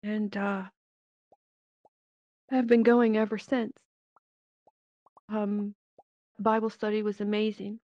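A woman giving a personal faith testimony in an earnest, halting way, with many pauses and fillers, speaking into a VR headset microphone. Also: medium pitch, level tone, dry recording. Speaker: church member giving a testimony. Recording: dull, dry lo-fi headset audio.

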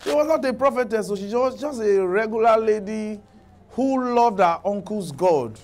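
A man preaching a sermon in a high, lively voice that leaps up and down. He tells animated stories, laughs at his own points and scolds his congregation. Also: moderate pace.

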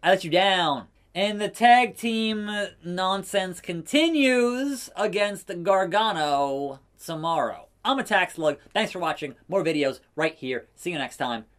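A man giving casual, excitable commentary over a wrestling video game, swinging between loud outbursts and muttered asides. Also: high-pitched, a little slow, hardly any pauses. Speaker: gaming YouTuber.

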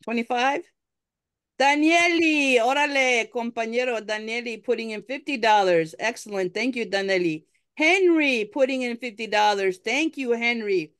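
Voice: mid-range voice, animated, moderate pace, fairly bright tone. An event host running a live fundraising appeal at a town hall, upbeat, coaxing and chatty.

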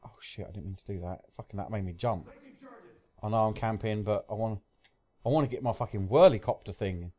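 A young man commentating live gameplay, swearing often and yelling at kills and deaths, with a slight cough. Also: on the low side, a little fast. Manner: excitable, swears a lot, shouts at game events. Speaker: gaming commentator.

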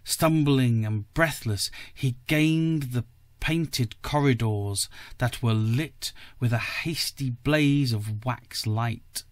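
A man reading a classic story aloud for a podcast, slowly and deliberately. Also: medium pitch, no room sound. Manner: slow, careful and deliberate. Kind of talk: audiobook-style story reading.

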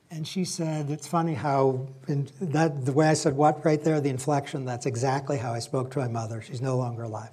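Brief: male lecturer, mellow husky voice, reflective and conversational. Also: medium pitch. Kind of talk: public lecture with personal stories.

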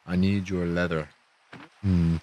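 Playing Minecraft survival, a young male YouTuber mutters goofy, jumpy commentary to himself, full of gasps and jokes. He speaks slowly and flatly in a low, warm voice, and the audio is dull with a little hiss or hum.

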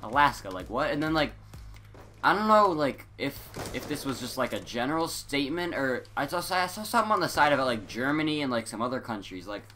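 A teenage boy rambling through casual gaming commentary, scattered and self-interrupting, excitable, on a headset mic. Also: mid-range voice, a little fast, slight background noise. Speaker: gaming YouTuber.

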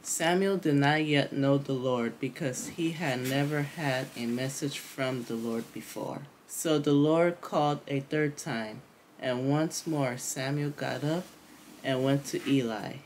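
Slow, careful woman reading a Bible story. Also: a bass voice, a little mellow, a little hiss or hum.

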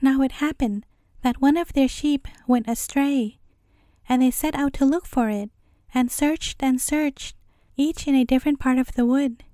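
A woman reading a fairy tale aloud as a bedtime story, in a calm and measured way. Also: high voice, no room sound, clean studio sound.

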